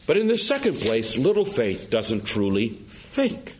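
A man's voice: medium pitch, wildly swooping pitch, unhurried, a little hiss or hum. A man preaching a sermon, emphatic and full of rhetorical questions.

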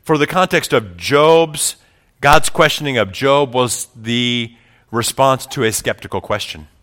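A man preaching a sermon who swells into loud, rousing passages and then drops to quiet, reflective asides. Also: mid-range voice, a little slow. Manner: builds to loud climaxes quoting speeches. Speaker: pastor.

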